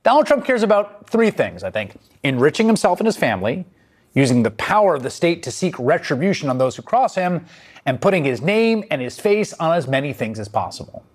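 A man's voice: a little high, sing-song, a little fast. A man hosting a news show, delivering scripted political commentary in a sardonic, emphatic way.

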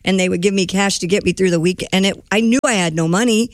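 A man co-hosting a radio talk show, telling self-mocking stories. His voice is quite high for a man, and the recording is dry and up close. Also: fast, dry recording. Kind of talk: casual morning show banter.

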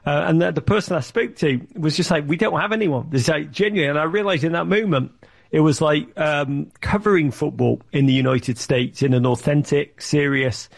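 A man talking about his media business in an interview, telling stories with lively acted-out quotes. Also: fairly high pitch, moderate pace, gravelly. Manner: animated storyteller, acts out quotes. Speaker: media network founder, guest. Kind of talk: conversational interview.

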